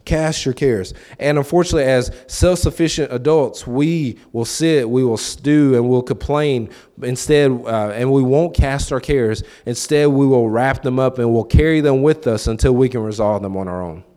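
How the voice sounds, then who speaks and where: A man's voice: mid-range voice, moderate pace, mellow. A man preaching a sermon in a loose, conversational way, asking the listeners questions and acting out quoted voices. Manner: conversational, repeats words and acts out quoted voices.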